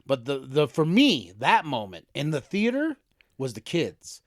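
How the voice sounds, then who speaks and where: Animated middle-aged podcast co-host man. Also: a little high, measured pace, dry recording, clean studio sound. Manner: animated storyteller, acts out quotes loudly. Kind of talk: casual chat.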